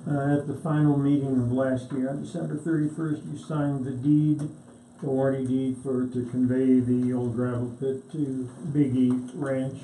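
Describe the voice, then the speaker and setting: A man serving as county attorney, giving a measured, matter-of-fact report at a board meeting. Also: mid-range voice, little pitch movement, mellow. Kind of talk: reporting legal items. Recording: echoey room, faint hiss.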